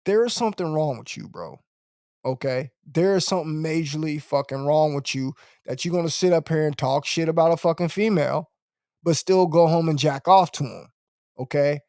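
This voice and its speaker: Guy ranting on his podcast stream, blunt and preachy, kinda high voice, dry sound. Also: normal speed, warm tone, no echo. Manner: blunt, preachy, swears, repeats "bro, okay?". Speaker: podcast host. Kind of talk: live-stream podcast monologue.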